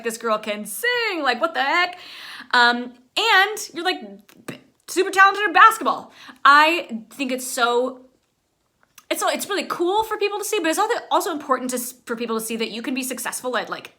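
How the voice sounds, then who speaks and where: Bright-voiced woman, chatty and warm. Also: on the high side. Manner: warm, rambling, filler-heavy, chatty. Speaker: choir teacher. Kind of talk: heartfelt farewell messages to graduating students.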